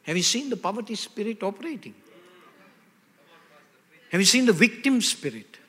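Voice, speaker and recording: A man's voice: sits high, sing-song, normal speed, bright, forceful tone. Emphatic older male preacher in an echoey hall. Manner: emphatic, call-and-response questions. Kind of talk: sermon.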